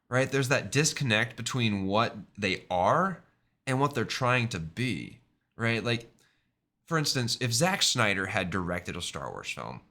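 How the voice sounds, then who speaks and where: Brief: male streamer, bright, tense-edged tone, casual rambling chat full of fillers. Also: fairly low pitch. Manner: rambling, many fillers and tag questions.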